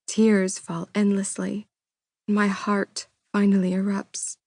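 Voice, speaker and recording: A woman's voice: mid-range voice, level tone, slow pace, a little mellow, no room sound. A woman narrating a first-person romance audiobook with an intimate, emotional reading.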